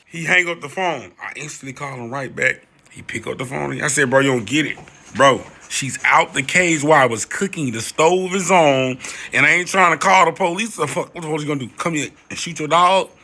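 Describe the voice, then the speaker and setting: A young man spins a chaotic storytime in loose, slangy talk, leaping high when he acts out other voices. His tone is sharp and forceful, pitched a little above the usual. He keeps the story rolling with quick asides to his listeners. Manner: excitable, slangy, reenacts voices with big pitch jumps. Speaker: storyteller vlogger. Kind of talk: animated storytime monologue.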